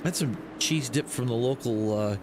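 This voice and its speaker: A man's voice: medium pitch, normal speed, noisy background. A man broadcasting a sim racing stream, mixing casual race commentary with joking banter and frequent laughter. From Michigan. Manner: laughs a lot, joking and loose.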